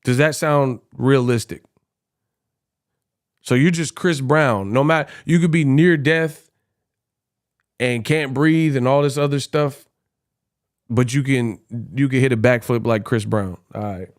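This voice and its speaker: Slow-talking young male boxing vlogger. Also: mid-range voice. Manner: laughing, slangy, calls listeners bro and y'all. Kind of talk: casual commentary.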